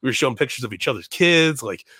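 Man, casual storyteller, animated, swears, acts out quotes, mid pitch, dry close mic. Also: fast, husky, no echo. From Chicago. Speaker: podcast guest.

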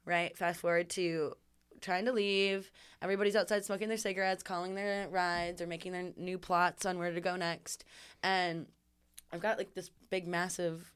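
Woman, low voice, smooth and clear, animated, laughing, casual storytelling. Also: moderate pace. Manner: animated, laughing, acts out quotes. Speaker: guest storyteller.

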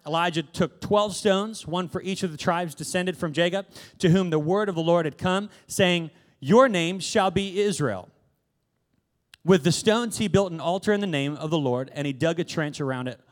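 A man preaching a casual sermon, retelling a Bible story with jokes and asides. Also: sits high. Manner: casual and joking, laughs between lines. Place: church hall.

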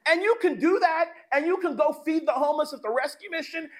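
High-voiced man preaching casually. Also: quick pace, few pauses. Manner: animated and conversational with slang. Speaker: pastor. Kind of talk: sermon.

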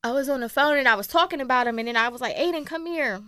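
A woman's voice: on the high side, very fast, clean tone, dry recording, studio quality. A woman co-hosting a casual chat, telling stories with lots of laughter and acting out what others said. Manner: animated storyteller, acts out quotes, laughs often. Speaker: podcast co-host.

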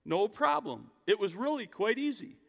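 A man's voice: high-pitched, sing-song, normal speed, vocal fry, fairly bright tone, voice pushed up, full character voice. A man voicing proud, boastful scientists in a joke, eager and pleased with themselves. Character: boastful group of male scientists. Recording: echoey hall.

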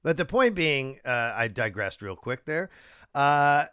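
A man talking casually as a co-host, swinging his pitch widely as he gets worked up. He digresses and restarts often, and his voice is recorded dry and close. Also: measured pace, clean tone, dry recording. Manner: animated, emotional, digressive with many restarts. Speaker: podcast co-host. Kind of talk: casual political chat.

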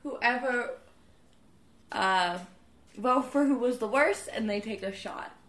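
Brash, bright-voiced woman, echoey. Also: fairly high pitch, slow. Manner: confident, brash joking. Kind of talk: casual drinking-game banter. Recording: roomy echo, faint noise.

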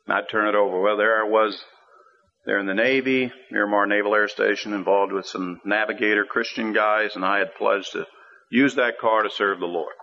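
A man preaching a storytelling sermon in a folksy, conversational way, with emphatic swings from quiet asides to ringing exhortations. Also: lowish voice, steady tone, normal speed. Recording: dull lo-fi radio broadcast.

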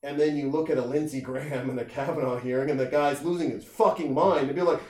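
A middle-aged man in casual comedic conversation, swearing freely and slipping into quick put-on voices for the people he quotes. His voice sits somewhat high for a man, and the room around him rings with a noticeable echo. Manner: animated, profane, acts out quoted people in jumping voices. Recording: roomy echo.

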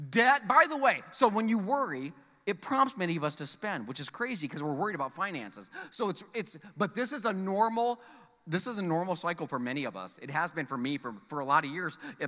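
A man in his forties preaching a sermon to his congregation, animated and joking, acting out the voices in his stories. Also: fairly high pitch. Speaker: pastor. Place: church sanctuary. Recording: long hall reverb from church sanctuary.

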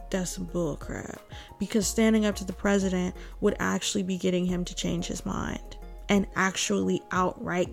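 A woman's voice: medium pitch, creaky. A woman hosting a casual political commentary, outspoken and emphatic, breaking into laughing asides.

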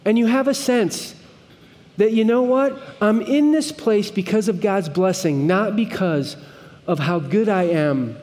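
Guy pastor giving a sermon, pretty high voice, conversational and earnest, big reverby church hall. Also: measured pace, a little mellow. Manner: earnest, conversational preaching with emphatic pleading moments.

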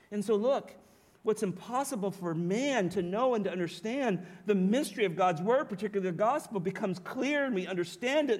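Man, pastor, sermon, high voice, emphatic, asks the room questions. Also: a little mellow. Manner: emphatic preaching, rhetorical questions, occasional laughs.

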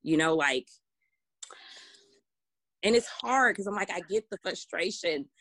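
A woman's voice: mid-range voice, animated, measured pace, a bit bright, no room sound. A woman, co-hosting a casual podcast discussion, talking emphatically with many restarts. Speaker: podcast co-host.

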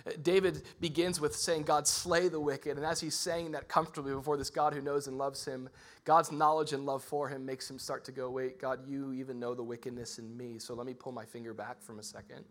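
Bright-voiced male pastor preaching. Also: mid-range voice, brisk. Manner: conversational preaching, rising to loud excited bursts. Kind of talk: sermon. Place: church.

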